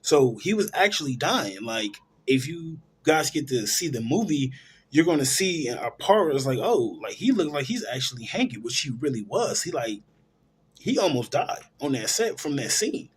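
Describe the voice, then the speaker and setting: A man's voice: medium pitch, sing-song, normal speed, a little hiss or hum. A man hosting a film show, casually retelling a movie's plot in a rambling way, full of fillers and restarts. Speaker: film review host.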